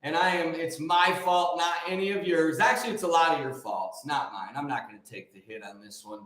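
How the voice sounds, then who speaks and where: Man, casual preacher, joking, rambling, high voice, very echoey room. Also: fairly quick, a bit bright. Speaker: host and preacher. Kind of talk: casual live preaching talk.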